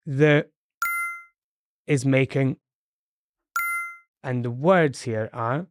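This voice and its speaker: A man's voice: mid-range voice, drawn-out words, pauses often. A man with a British accent teaching English in a podcast lesson, explaining patiently and encouragingly with frequent fillers.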